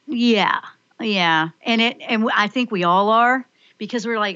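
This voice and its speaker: A woman hosting a spiritual radio call-in show, talking excitedly and rambling as she acts out her own inner voice. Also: mid-range voice, normal speed, no echo, muffled recording.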